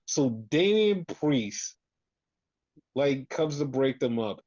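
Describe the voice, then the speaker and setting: A man's voice: medium pitch, very animated, a little slow, darkish tone, dry recording, highs cut off. A man co-hosting a podcast, recapping wrestling in casual, profane chat and acting out the wrestlers' lines. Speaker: podcast co-host.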